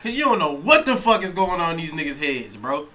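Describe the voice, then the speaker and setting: Bright, jumpy guy cursing through a reaction, brief: loud incredulous streamer. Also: a little high, big pitch swings, brisk. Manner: profane, incredulous outbursts. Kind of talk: casual reaction commentary.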